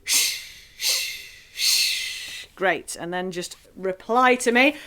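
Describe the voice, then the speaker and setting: A woman leading a singing group through warm-up exercises, encouraging and playful, chanting rhythms and vocal sounds. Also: fairly low pitch, takes it slowly, long pauses.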